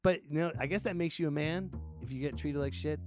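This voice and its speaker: A man's voice: a little high, quick pace, music in the background. A man in his thirties hosting a podcast, telling a rambling, profane story and laughing often. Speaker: podcast host. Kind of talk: casual storytelling monologue.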